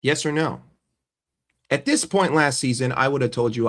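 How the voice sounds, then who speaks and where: A man's voice: medium pitch, normal speed, fairly bright tone. A man ranting as a football fan vlogger, blunt and sarcastic, with swearing and repeated phrases. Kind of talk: casual fan rant to camera.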